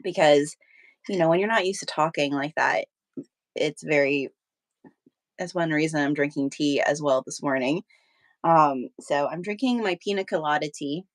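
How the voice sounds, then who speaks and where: Hosting a live sewing stream, a woman chats casually with her viewers while fighting the hiccups, her talk full of fillers and restarts. Her voice is low-pitched at normal speed, and there's no echo.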